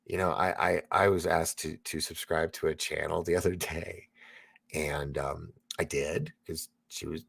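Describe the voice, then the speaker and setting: Gravelly-voiced man rambling on a livestream. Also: sits low, dry recording, clean studio sound. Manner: rambling, laughing, many fillers and restarts. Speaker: livestream host reading chat. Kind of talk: casual livestream chat.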